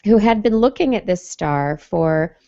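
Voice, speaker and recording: Gravelly-voiced woman hosting a science podcast. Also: medium pitch, expressive, a little slow, warm tone, no room sound, lo-fi sound. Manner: chatty, jokey, reads news with asides. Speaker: podcast host. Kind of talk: casual science podcast chat.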